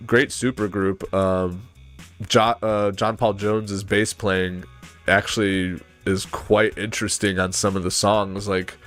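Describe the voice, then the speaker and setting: Rambling low-voiced man chatting about music. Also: fairly bright tone. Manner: rambling, filler-heavy, mouths bass riffs aloud. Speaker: podcast panelist. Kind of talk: casual chat about music.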